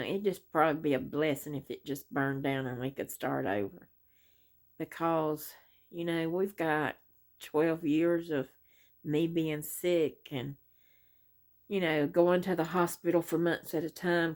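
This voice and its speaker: A middle-aged woman, chatting casually on her crochet vlog and rambling through a story with many pauses and "anyway"s. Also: low voice. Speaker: crochet vlogger.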